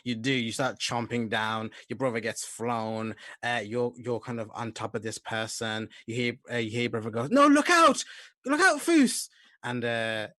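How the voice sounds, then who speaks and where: Bright-voiced man running a tabletop game. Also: little pitch movement, dry recording. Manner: measured narration, soft and low. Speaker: game master.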